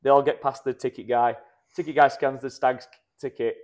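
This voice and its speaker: A man's voice: mid-range voice, steady tone, a little mellow. A man co-hosting a casual podcast chat, telling anecdotes and giving friendly advice. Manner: fast-talking storyteller, gives friendly advice. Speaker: podcast co-host.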